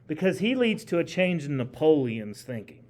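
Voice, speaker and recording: High-voiced male history teacher. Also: sing-song, normal speed, a little mellow. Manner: casual, chatty, quizzes the class with questions. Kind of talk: classroom lecture. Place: classroom.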